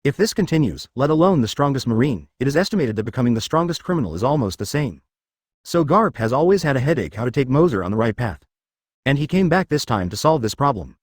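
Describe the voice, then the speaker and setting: Male narrator, mechanical reading, mid-pitched, lively intonation, dry close sound. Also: fast, dry recording. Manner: mechanical reading, reads symbols and numbers aloud. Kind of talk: scripted narration.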